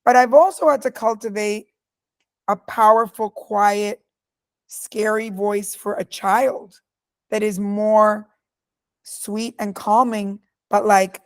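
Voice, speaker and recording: A middle-aged woman in an interview, telling stories about her life with emphatic, forceful delivery. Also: medium pitch, fairly even intonation, slow. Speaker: guest speaker. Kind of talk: candid interview answers.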